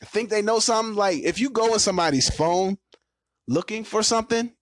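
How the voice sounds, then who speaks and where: Loud ranting male podcast host. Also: high-pitched, brisk, no echo, studio quality. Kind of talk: casual podcast banter.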